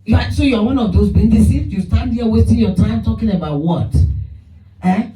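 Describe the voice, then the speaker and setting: A man preaching a sermon who tells stories in an animated way and acts out the people in them. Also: high voice, a little fast, soft background music. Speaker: pastor. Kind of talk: sermon with storytelling. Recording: roomy sound from a distant mic.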